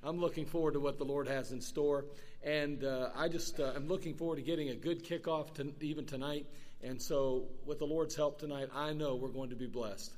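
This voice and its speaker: A man, the church's pastor, introducing a guest preacher at a service in a halting way, with many pauses and restarts. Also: on the high side, fairly even intonation, darkish tone.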